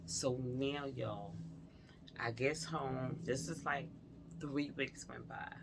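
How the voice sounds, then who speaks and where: A woman's voice: rumbling low, steady tone, slow, gravelly, background noise. A woman vlogger recounting a personal experience to her viewers, earnest and confiding, talking straight to them.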